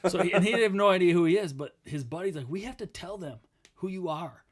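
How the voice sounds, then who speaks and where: A man co-hosting a casual podcast, telling a story with lively acted-out quotes and laughing as he talks. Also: high voice, fast. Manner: animated storyteller, acts out quotes, laughs while talking. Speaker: podcast co-host.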